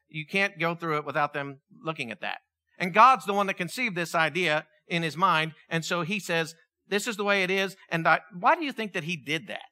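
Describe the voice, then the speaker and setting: A man preaching a sermon, animated, asking the congregation questions and acting out quotes. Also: high voice. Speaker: pastor.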